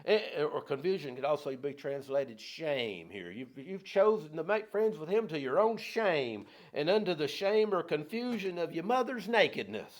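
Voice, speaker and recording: Male Bible teacher, folksy, slightly higher voice, flips between reading verses and casual retelling. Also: sing-song, moderate pace, hardly any pauses, highs cut off. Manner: folksy, reads scripture then paraphrases in plain talk, rising loud on quotes. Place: church.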